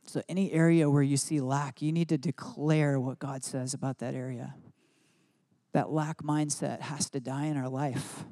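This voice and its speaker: Middle-aged man, pastor, sermon, reflective and soft in prayerful parts, mellow voice, dry close sound. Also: medium pitch, fairly even intonation, dry recording. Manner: reflective, slows and softens in devotional passages.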